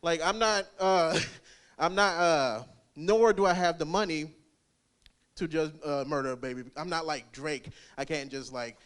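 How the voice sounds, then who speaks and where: A man's voice: fairly high pitch, a little slow, fairly bright tone, clear, resonant tone. A young man doing rambling, crude stand-up at an open mic, laughing at his own jokes. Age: young adult. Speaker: stand-up comic.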